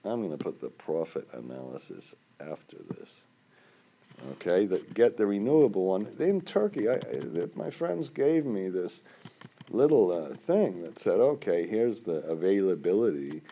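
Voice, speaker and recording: A man's voice: deep voice, very animated, normal speed, creaky, dark tone, dull audio, a little hiss or hum. An older man giving a rambling, self-correcting finance lesson over a spreadsheet, with sudden emphatic bursts. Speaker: finance instructor. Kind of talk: screen-recorded spreadsheet tutorial.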